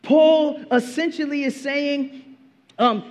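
A man's voice: very high-pitched, measured pace, dull audio. A young man preaching a sermon in a casual, slangy way, now and then acting out a movie scene. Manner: casual slang, animated, acts out movie quotes. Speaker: pastor.

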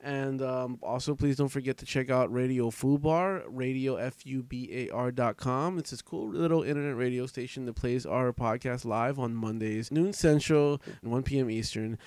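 A man co-hosting a podcast, reading off plugs in a relaxed, rambling way with plenty of fillers. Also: medium pitch, normal speed, few pauses, dry recording. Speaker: podcast co-host. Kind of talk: casual chat, show plugs.

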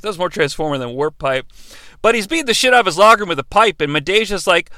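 A man hosting a casual solo podcast, animated and sardonic, talking close into the microphone. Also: on the high side, quick pace, no echo. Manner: animated and sardonic, slipping into impressions. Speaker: podcast host.

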